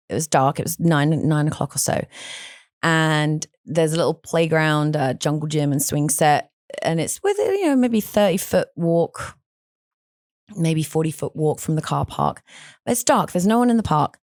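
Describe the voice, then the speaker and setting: A woman hosting a podcast, telling stories in an animated, outspoken way with frequent restarts. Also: sits low, a little fast, no room sound, studio quality. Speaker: podcast host. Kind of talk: casual conversational storytelling.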